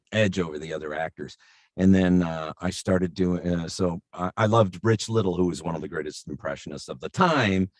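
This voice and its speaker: Brief: middle-aged man, voice actor, very low voice, dry close sound, rambling anecdotes full of fillers. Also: dry recording. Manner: rambling, many fillers and restarts. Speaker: voice actor guest. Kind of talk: casual interview storytelling.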